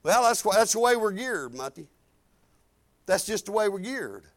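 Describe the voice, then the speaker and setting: An older pastor preaches in a rambling, fervent way, full of restarts and hallelujahs. His voice sits high for a man. The sound is dry and close, with little room in it. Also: sing-song, moderate pace, fairly bright tone, no echo. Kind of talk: sermon.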